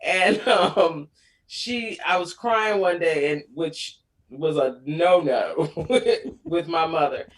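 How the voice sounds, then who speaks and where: A woman's voice: sits low, slow. A woman in her forties, a guest on a talk show, telling family stories in casual chat, laughing often and acting out quotes.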